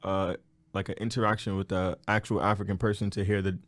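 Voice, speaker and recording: A young man co-hosts a casual podcast with a low, easygoing voice. He jokes often, laughs between lines and acts out quoted voices. The sound is dry and close. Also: little pitch movement, brisk, no echo. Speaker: podcast co-host. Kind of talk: casual chat.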